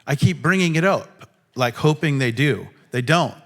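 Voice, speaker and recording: A man preaching a sermon in a conversational tone, now and then acting out biblical quotes with sudden raised shouts. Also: on the high side, lively intonation, normal speed, gravelly. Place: church hall.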